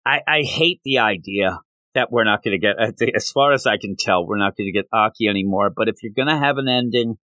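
A podcast co-host, this man retells scenes from a manga chapter in lively, casual conversation. He speaks briskly with a fairly low pitch and a sharp tone, recorded dry.

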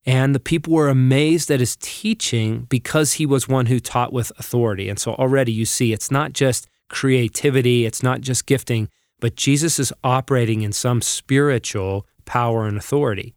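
A man's voice: medium pitch, clear, resonant tone, no room sound, studio quality. Earnest man teaching from scripture. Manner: earnest, reads scripture aloud slowly. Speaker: podcast co-host. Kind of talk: reflective Bible teaching.

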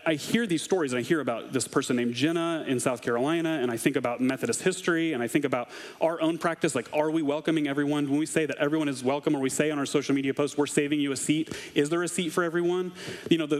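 A man preaching a conversational sermon as a pastor, casual and wry with dry asides. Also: fairly high pitch. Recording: long hall reverb.

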